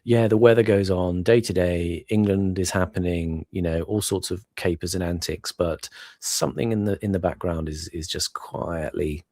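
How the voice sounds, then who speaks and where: A man with a very low voice, musing as a guest in a relaxed chat. He wanders through thoughts with plenty of asides and "you know"s. The sound is dry and close on the mic. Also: normal speed, hardly any pauses, no echo. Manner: musing, meandering with many asides. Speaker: guest commentator. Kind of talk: casual chat.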